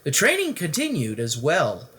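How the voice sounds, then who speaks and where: A bedtime story reader who reads a picture book aloud. The delivery is expressive, and the pitch rises and falls in wide, animated swings. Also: normal speed.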